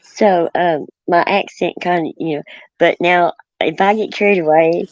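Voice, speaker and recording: A woman's voice: fairly low pitch, fairly even intonation, normal speed, no room sound, highs cut off. A woman from Oklahoma with a country accent, chatting casually as a guest and rambling through many fillers and restarts. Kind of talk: casual chat.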